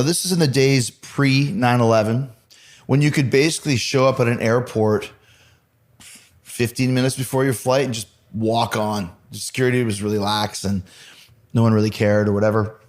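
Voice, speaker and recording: A man hosting a podcast, telling lively anecdotes in casual chat, swearing now and then. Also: medium pitch. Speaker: podcast host.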